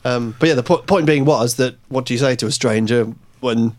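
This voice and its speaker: A man's voice: mid-range voice, brisk. A man hosting a casual podcast, chatty and jokey, with swearing in his stories.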